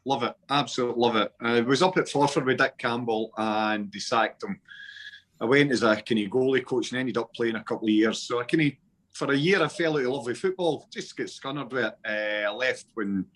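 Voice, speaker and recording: A man's voice: mid-range voice, moderate pace, fairly bright tone. A Scottish man in his forties chats as a podcast guest and tells football stories in plain local slang. His voice sits in the middle of the male range, and he talks easily and at length. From Scotland. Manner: chatty storytelling with local slang. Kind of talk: casual chat.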